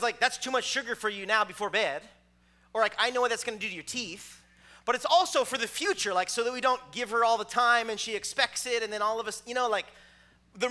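A man's voice: extremely high pitch, sharp tone. A man in his thirties, a pastor preaching a sermon in a loose, conversational storytelling way with lots of filler words.

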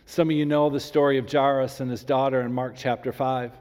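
A pastor preaches a sermon in a medium-pitched voice, recorded with long hall reverb. He grows animated acting out the people in his stories, then slows right down and drops almost to a whisper for emphasis.

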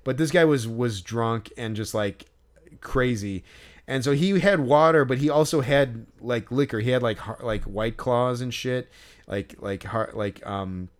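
A man with a smooth, clean voice rambles through a story on a podcast, full of fillers and loose swearing. His pitch sits in the middle range for a man. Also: measured pace. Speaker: podcast co-host. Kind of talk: casual storytelling chat.

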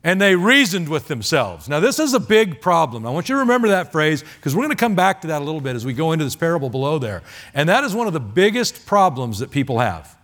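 A man preaching a sermon as a missionary, telling stories in a chatty, animated way with many fillers. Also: on the high side, fast talker, hardly any pauses. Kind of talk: sermon with storytelling. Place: church sanctuary.

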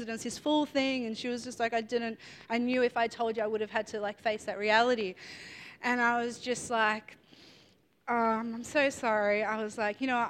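A woman's voice: on the high side, fairly bright tone. A young woman in her twenties giving a sermon, telling a personal story in a chatty way with many fillers and asides. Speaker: preacher.

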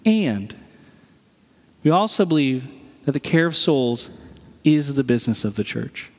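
A man's voice: mid-range voice, normal speed, big-room sound. A man preaching a sermon as pastor, conversational, and he acts out the voices he quotes.

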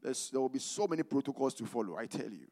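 A man from Ghana preaching a sermon as a pastor, calling for the congregation to finish his phrases and moving between loud proclamation and quiet asides. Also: animated, fast talker. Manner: call-and-response preaching, asking "what?" for the congregation to finish; swings between loud emphatic proclaiming and low conversational asides.

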